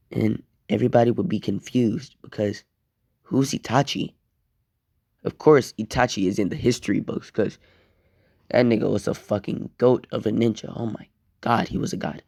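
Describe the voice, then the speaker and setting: A man's voice: on the low side, moderate pace, vocal fry, mellow, breathy edge, dry recording, studio quality. A young man improvising a fan-fiction story in a casual, profane, rambling way.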